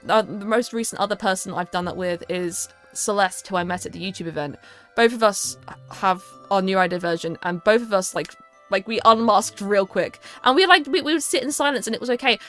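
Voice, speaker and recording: A woman's voice: mid-range voice, a little fast, fairly bright tone, faint music behind. A young woman streaming a casual chat, rambling and stammering with lots of restarts.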